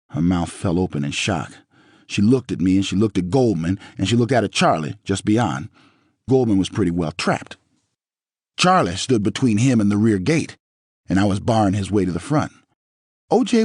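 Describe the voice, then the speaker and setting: Brief: low husky male narrator, lively pitch, close dry sound, profane storytelling. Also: no echo. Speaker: audiobook narrator. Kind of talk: first-person book reading.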